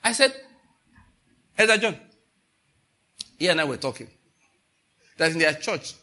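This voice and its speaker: A preacher with a fairly high voice takes his time, delivering his sermon unhurriedly. He stays animated throughout, telling stories with laughter and dramatized quotes.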